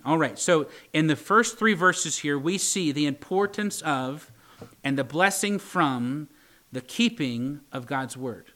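Brief: male pastor, fairly high voice, sermon delivery, slow deliberate scripture reading, rhetorical questions, light teasing asides. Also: lively intonation, pushed and bright. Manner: reads scripture slowly and deliberately, asks the congregation rhetorical questions.

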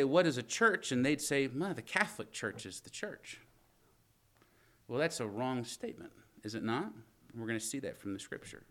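A pastor with a medium-pitched, fairly bright voice preaches to his congregation in the church sanctuary. His sermon is conversational, and as he reads scripture he keeps asking the people questions.

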